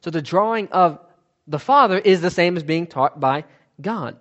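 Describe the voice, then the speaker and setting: A man's voice: high voice, animated, moderate pace, a bit bright, lo-fi sound. A man teaching from the Bible in a sermon, asking questions and answering them himself, stressing key words.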